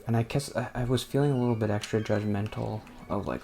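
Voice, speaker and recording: With faint music behind him, a New Jersey let's play host talks briskly with hardly any pauses, his low, mellow voice carrying vocal fry. His casual commentary rambles and hesitates, stuffed with fillers and self-interruptions, as he grumbles at the game under his breath.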